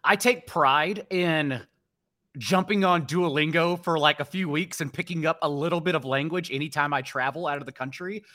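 A man hosts a podcast with a Texas accent, sounding bright and a little high for a man. He chats casually and teases his guest in a playful way. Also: normal speed. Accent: Texan. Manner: playful, teasing. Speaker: podcast host. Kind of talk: casual chat.

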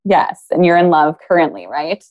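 A woman's voice: deep voice, sing-song, normal speed, a little mellow, muffled recording. A woman talking casually on a podcast as a guest, explaining ideas with analogies and acted-out quotes.

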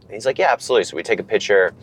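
A man in his thirties, animated, telling a long story in casual chat from a car and acting out the lines of others. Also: on the low side, rapid-fire, breathy edge. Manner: animated, acts out quotes from others. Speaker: guest.

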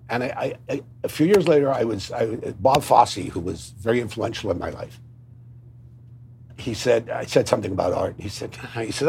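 A man with a Cockney accent telling stories at a roundtable, lively and animated, slipping into impressions. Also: fairly low pitch, gravelly, slight background noise. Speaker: guest storyteller. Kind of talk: anecdotal roundtable storytelling.

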